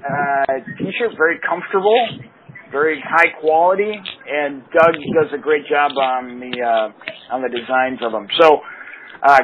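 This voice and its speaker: Rambling man on a tinny line. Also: medium pitch. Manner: rambling, laughing storyteller, full of fillers. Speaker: podcast co-host. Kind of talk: casual comedic podcast chat. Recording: tinny phone-like sound, faint hiss.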